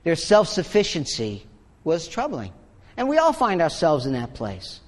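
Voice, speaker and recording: A man's voice: on the high side, huge pitch swings, measured pace. A man preaching a sermon as pastor, in a conversational way with sarcastic asides. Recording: long hall reverb.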